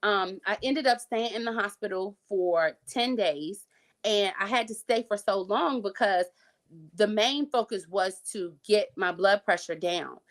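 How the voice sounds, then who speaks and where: A woman's voice: medium pitch, a little slow. Chatty woman telling her story. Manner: chatty, frequent fillers and restarts, occasional laughs. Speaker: guest sharing her health story. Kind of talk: casual interview storytelling.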